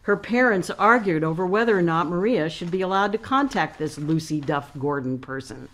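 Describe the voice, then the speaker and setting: A woman author reading her novel aloud in a measured, expressive way. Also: lowish voice.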